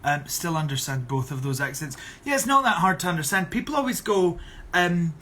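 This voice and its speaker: A man's voice: fairly high pitch, animated, a little fast, pushed and bright. A young Scottish man on a casual live stream, reading out viewer questions and answering in a chatty, sarcastic way. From Scotland. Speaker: drag performer on a live stream.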